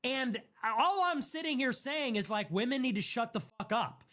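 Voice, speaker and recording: A man's voice: extremely high pitch, animated, normal speed, fairly bright tone. A man streaming, ranting casually in a sarcastic, provocative way.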